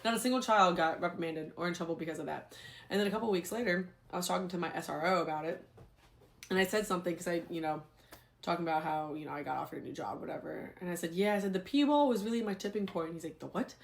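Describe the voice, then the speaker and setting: A young adult woman, a former teacher, telling a story in a casual, animated, exasperated way. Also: on the low side, quick pace, vocal fry.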